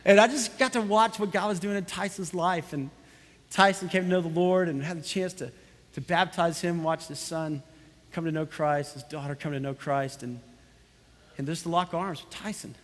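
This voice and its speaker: A man's voice: on the high side, normal speed. Man, pastor, sermon, storytelling, long hall reverb. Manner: storytelling, building to fervent emphasis.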